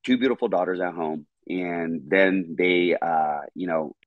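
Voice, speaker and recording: Low-voiced man telling a story, dry sound. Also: unhurried, no echo, phone-quality sound. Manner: animated, profane, repeats words when excited. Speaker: podcast guest. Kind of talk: casual storytelling.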